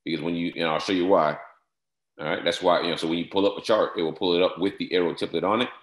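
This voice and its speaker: A man giving a step-by-step software tutorial, repeating short instructions and filling pauses with "all right". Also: deep voice, steady tone, echoey room. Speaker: software trainer. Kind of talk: screen-share tutorial walkthrough.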